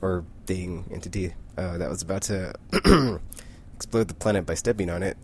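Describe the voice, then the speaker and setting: A man's voice: low-pitched, moderate pace, slight background noise. A man casually recapping a comic book, rambling with lots of "like" and frequent self-corrections.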